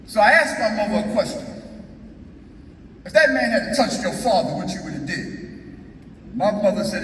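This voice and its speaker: A man's voice: high voice, animated, moderate pace, pauses often, a bit bright. A man giving an emphatic, folksy storytelling speech to an audience. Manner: folksy, emphatic, asks "Okay?". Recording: echoey hall, speaker far from mic, faint noise.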